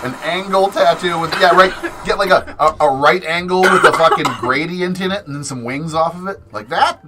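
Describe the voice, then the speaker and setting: A man's voice: on the high side, normal speed, background noise. A man, hosting a livestream in a casual chat, swearing often and laughing through his stories. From Canada. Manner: profane, laughing storyteller. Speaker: livestream host.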